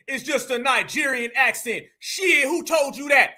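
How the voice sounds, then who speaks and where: High, bright-voiced brash Southern US man. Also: a little slow, few pauses. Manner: brash, fired-up, preachy street slang. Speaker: livestream host. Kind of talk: live reaction commentary.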